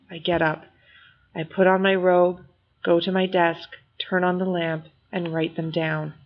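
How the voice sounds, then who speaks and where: A woman narrates a novel in first person, reading in a measured yet expressive way. Her voice sits somewhat low. The recording sounds slightly muffled and lo-fi. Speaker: audiobook narrator.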